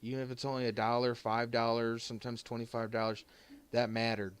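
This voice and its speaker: A man giving an emotional thank-you to his stream viewers, choked up and halting, restarting his sentences and pausing often as he holds back tears. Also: medium pitch, little pitch movement, clear, resonant tone. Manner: halting and heartfelt, many restarts and pauses.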